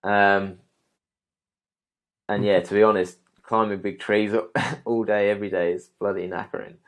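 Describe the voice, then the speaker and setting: Relaxed young man, low voice. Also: normal speed. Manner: relaxed, many ums and restarts. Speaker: guest, arborist. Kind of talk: casual interview answers.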